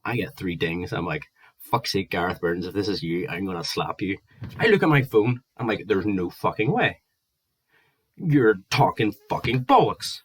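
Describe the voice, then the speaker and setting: A man's voice: low voice, sing-song, moderate pace, slightly rough. A Northern Irish man in his twenties, ranting angrily and swearing at length in a vlog. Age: 20s. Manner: heated, sweary, exasperated ranting. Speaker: vlogger. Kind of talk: angry ranting monologue.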